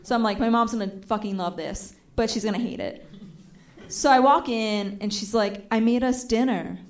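A young woman tells a story on a comedy stage, her voice sitting a little high. She is lively and jumps into the voices of the people she quotes, and the audience laughs now and then behind her. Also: moderate pace. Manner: animated, acts out quoted voices. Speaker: stand-up comedian. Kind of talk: stand-up storytelling.

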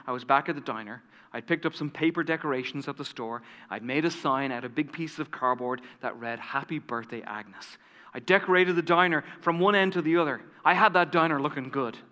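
A male pastor telling a story in a sermon, dramatic and dropping to a hush at key moments. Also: on the high side, fast, few pauses. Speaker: lead pastor. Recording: reverberant church hall.

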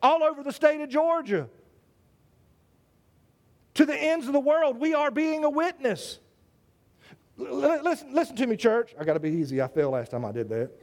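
Preacher guy, real high voice, keeps asking the church questions and repeating himself. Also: expressive, moderate pace, long pauses. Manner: emphatic, repetitive preaching with rhetorical questions. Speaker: pastor. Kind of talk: sermon.

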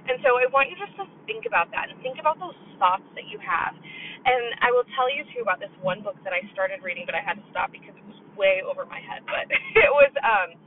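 Woman podcast host, casual advice talk, lively pitch, self-mocking, a bit far from the mic with faint background noise. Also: a little fast. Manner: chatty, swears freely, self-deprecating humor. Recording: tinny phone-like sound from far off the mic.

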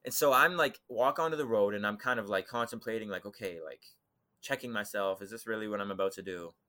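A young man telling a personal eerie story as a podcast guest, animated, acting out voices and swinging from loud to hushed. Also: lowish voice, fast. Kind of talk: dramatic storytelling in conversation.

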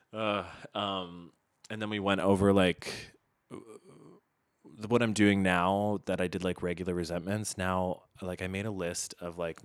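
A young man with a deep, low-pitched voice talks candidly to the listener. His delivery rambles, full of fillers and casual swearing. The recording is dry and close, with no room sound. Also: no room sound. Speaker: podcast host. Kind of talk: casual confessional monologue.

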